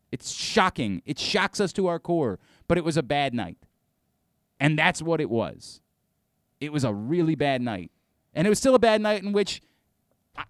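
Male sports radio host, lively pitch, smooth resonant voice, dry close sound, exasperated ranting delivery. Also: no echo. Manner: animated, exasperated ranting with frequent restarts. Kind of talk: sports talk radio monologue.

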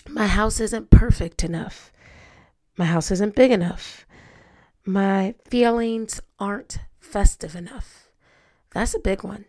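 A woman's voice: medium pitch, darkish tone. A woman hosting a solo podcast, talking earnestly and asking her listeners rhetorical questions, often repeating words as she goes. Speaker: podcast host. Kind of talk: reflective solo podcast talk.

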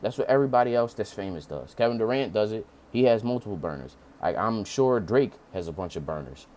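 A man ranting in casual commentary, profane and animated, jumping into mocking high-pitched impressions. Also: brisk.

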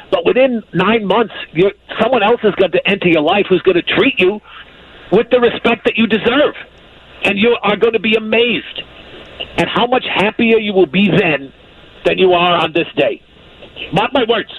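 A man's voice: high voice, normal speed, husky, no room sound. A man giving psychic readings on a call-in radio show, talking emphatically in a folksy, repetitive way over the phone. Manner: emphatic, folksy, repeats himself. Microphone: telephone. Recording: phone line with faint hiss.

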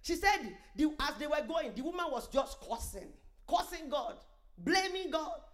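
High, lively woman preacher telling a testimony, emphatic with exclamations and asides. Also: normal speed. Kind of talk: sermon testimony storytelling.

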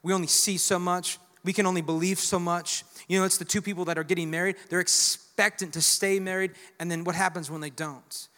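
A man's voice: high voice, fairly even intonation, a little fast, hardly any pauses, sharp tone. A man preaching a sermon to a church congregation, emphatic and calling for responses from the crowd. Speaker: pastor. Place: church sanctuary. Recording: long hall reverb.

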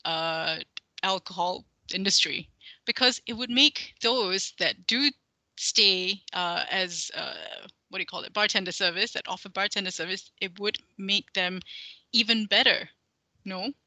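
A woman's voice: medium pitch, a little slow, pushed and bright, dry recording, poor audio. A woman co-hosting a podcast in casual chat, talking hesitantly with many fillers and restarts. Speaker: podcast co-host.

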